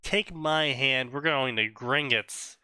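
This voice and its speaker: A man's voice: medium pitch, slow pace, bright, forceful tone, clear, resonant tone, no echo, pitched below the performer's own voice. A man reading as a laid-back slangy Death. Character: casual slangy female Death figure.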